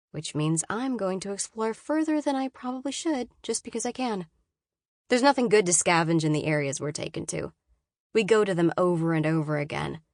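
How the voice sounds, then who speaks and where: Low-voiced woman narrating a novel. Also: no echo, studio quality. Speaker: audiobook narrator. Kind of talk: first-person novel narration.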